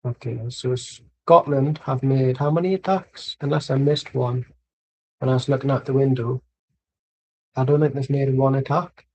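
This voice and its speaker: A man's voice: mid-range voice, steady tone, moderate pace, mellow, breathy edge, poor audio. An English man streaming a football watchalong, chatting in a rambling, tangential way and swearing casually. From England.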